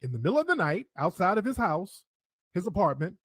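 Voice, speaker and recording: Husky, animated male online commentator. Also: high voice, fairly quick, dry recording. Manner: animated, repetitive, talks to viewers directly. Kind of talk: casual commentary.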